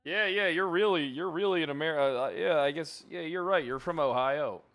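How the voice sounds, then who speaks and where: A man's voice: fairly high pitch, moderate pace, fairly bright tone. A man playing a police officer taking a report in a role-play game, easygoing and teasing. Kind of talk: casual role-play chat.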